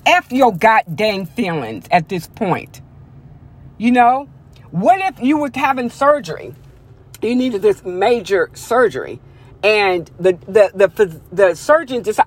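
A woman's voice: fairly high pitch, big pitch swings, a little slow, husky. A woman vents in a personal rant straight to her viewers. Her delivery is blunt and emphatic, full of swearing and insistent repetition. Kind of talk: profane personal rant to camera.

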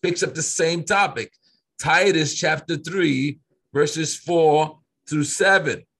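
A man in casual Bible-study conversation, reading scripture slowly and pressing his points with earnest repetition. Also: on the high side, fairly bright tone, husky. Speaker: co-host of a faith discussion.

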